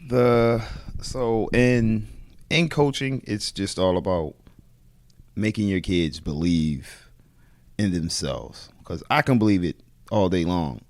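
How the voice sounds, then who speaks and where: Animated male coach telling stories. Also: deep voice, slow. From Baltimore. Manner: animated storyteller, acts out quoted voices. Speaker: head wrestling coach. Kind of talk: storytelling in a podcast interview.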